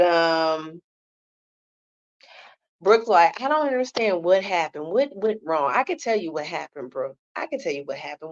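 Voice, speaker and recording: On a muffled recording, a woman with a lowish voice reviews a reality show in casual commentary. She is blunt and sassy, tagging her points with "okay?"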